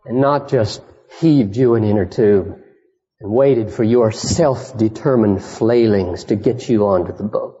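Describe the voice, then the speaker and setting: A man preaching an impassioned sermon, swinging from high urgent cries to hushed storytelling. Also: measured pace, breathy edge. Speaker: pastor. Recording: dull, echoey 1980s church sermon recording.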